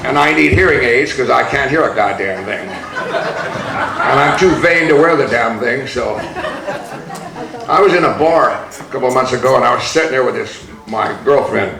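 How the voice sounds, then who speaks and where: A man's voice: mid-range voice, moderate pace, vocal fry, a crowd in the background. An older man speaking as an activist at a reunion, telling blunt, profane stories with laughter in his voice. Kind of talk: storytelling speech. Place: large hall. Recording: echoey hall recording.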